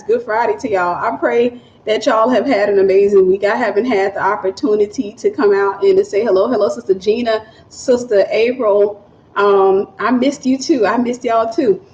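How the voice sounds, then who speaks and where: A woman with a Southern accent hosting a casual home livestream, talking fast and greeting viewers by name before teaching. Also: mid-range voice, darkish tone, slight background noise. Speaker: ministry livestream host. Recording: roomy, muffled home livestream audio.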